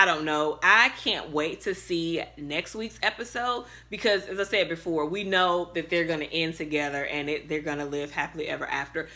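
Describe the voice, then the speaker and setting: A woman's voice: fairly low pitch, pushed and bright. A woman in her bedroom recapping a TV episode to camera, chatty, with many fillers, getting worked up. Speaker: TV recap vlogger. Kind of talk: casual recap talk to camera.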